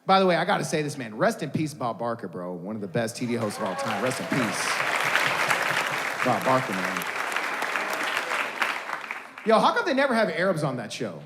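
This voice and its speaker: Young guy doing stand-up, slangy and animated, echoey hall with a loud laughing crowd. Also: medium pitch, normal speed, long pauses. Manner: animated, slangy, full of asides. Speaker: stand-up comedian. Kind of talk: stand-up comedy set. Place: comedy venue with live audience.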